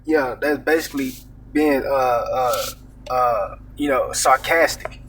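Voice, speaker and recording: A man gives informal scripture teaching at an unhurried, casual pace, reading verses aloud and then commenting on them, often tossing in "man" and "all right?" His slightly husky voice is fairly high for a man, steady in tone and a bit bright. He sounds far from the microphone.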